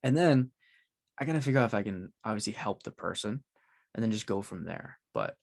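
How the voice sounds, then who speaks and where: A man's voice: on the low side, a little fast, gravelly. Man firing off rhetorical questions. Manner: energetic, rhetorical questions, says "like" a lot. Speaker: podcast host. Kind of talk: casual interview talk.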